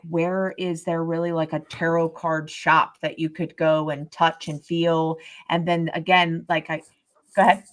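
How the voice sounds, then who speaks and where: A woman's voice: deep voice, fairly bright tone. A woman co-hosting a podcast, talking casually with many fillers and restarts as she explains things from her own experience. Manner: explains tarot practice from experience. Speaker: podcast co-host. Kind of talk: casual chat.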